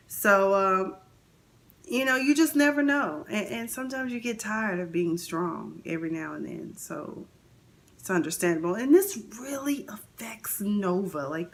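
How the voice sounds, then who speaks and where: A woman hosting a casual TV recap, chatting and acting out the characters' lines with big swings in her voice. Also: medium pitch. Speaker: TV recap host.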